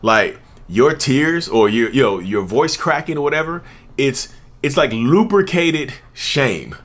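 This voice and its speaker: A man's voice: medium pitch, animated, a little slow, fairly bright tone. A man hosting his own channel, talking casually with emphatic repetition and occasional chuckles. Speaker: channel host, self-described narcissist. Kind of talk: casual talking-head commentary.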